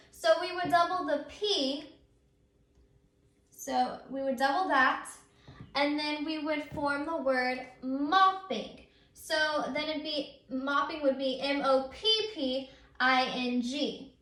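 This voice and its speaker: In a recorded grammar lesson, a female teacher with a high, bright voice patiently walks through spelling rules step by step, saying "um" often. The space sounds large and echoey.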